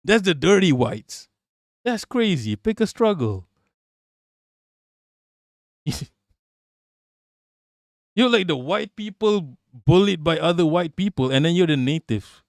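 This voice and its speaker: A man's voice: on the high side, expressive, unhurried, long pauses, dry recording, studio quality. Blunt, profane male streamer. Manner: blunt and profane, reacting to chat with laughter. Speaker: livestream host. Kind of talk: casual political livestream chat.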